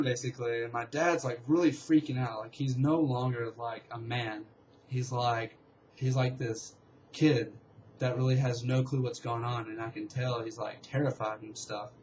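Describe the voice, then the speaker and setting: A young man casually telling a long story, rambling and excitable, with lots of fillers. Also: medium pitch, moderate pace, lo-fi sound, a little hiss or hum. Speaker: vlogger.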